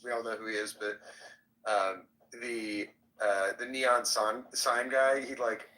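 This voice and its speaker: A man's voice: mid-range voice, unhurried, a little hiss or hum, poor audio. A man in a casual podcast chat, eagerly telling a story and stumbling over his words. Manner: excited storytelling, stumbling restarts.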